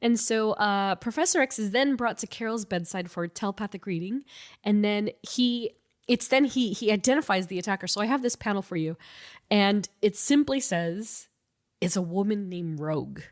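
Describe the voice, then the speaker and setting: Co-host: stuffy-nosed woman, lively storyteller, laughs a lot, casual. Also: medium pitch, a little fast. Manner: animated storytelling, laughs often. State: stuffy nasal. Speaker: podcast co-host. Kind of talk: casual chat.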